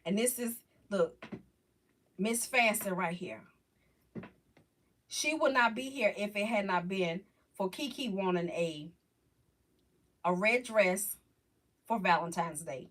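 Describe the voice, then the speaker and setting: A woman hosting a casual live chat with viewers, talking about faith in a halting, rambling, heartfelt way. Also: mid-range voice, a bit bright, a little hiss or hum. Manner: halting, rambling, restarts often. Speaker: livestream host chatting with viewers.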